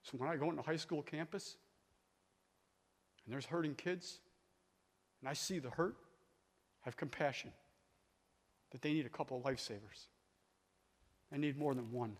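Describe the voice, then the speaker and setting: A man in his sixties preaching a sermon as a guest speaker, telling stories and calling on the audience, swinging from quiet talk to shouting. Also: fairly high pitch, moderate pace, pauses often. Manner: storytelling, calls on the audience. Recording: long hall reverb.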